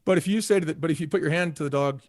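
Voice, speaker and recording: A former restaurant executive from the United States chats casually as a podcast guest in an interview, dropping plenty of "you know" fillers and acting out quotes. His voice is on the high side with a darkish tone, and he talks rapid-fire. The studio-quality recording has no room sound.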